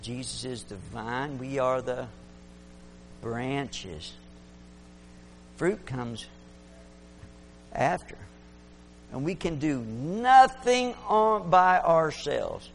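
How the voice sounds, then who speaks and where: A man preaching a fervent sermon, swinging between loud exclamations and hushed asides. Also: mid-range voice, animated, extremely slow, pauses often, a little hiss or hum.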